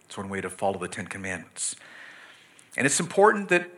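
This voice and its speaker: A man's voice: sits low, very animated, a little fast, a bit bright. A middle-aged pastor preaching a sermon, speaking earnestly and directly to the children and parents in his church.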